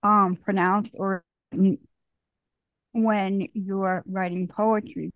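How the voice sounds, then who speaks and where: A woman in a group discussion making a measured, reflective remark. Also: mid-range voice, level tone, no echo. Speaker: participant.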